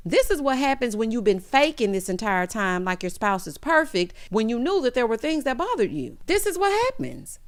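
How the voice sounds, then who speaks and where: A woman's voice: fairly high pitch, normal speed, hardly any pauses. A woman giving a sassy, casual recap of a reality show, mimicking the cast as she goes. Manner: sassy, animated, quotes cast members in mock voices.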